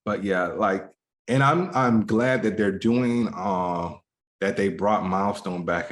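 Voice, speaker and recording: Low-voiced and measured, this podcast co-host chats casually and directly with his listeners. He rambles, leans on fillers, restarts his thoughts, and lets sentences trail off softly.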